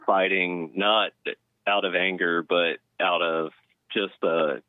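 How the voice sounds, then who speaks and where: A man from North Texas calling in to a talk show, speaking in an unhurried, hesitant way with many pauses. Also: sits low, steady tone, no room sound. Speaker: caller. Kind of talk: casual call-in chat. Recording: tinny phone line.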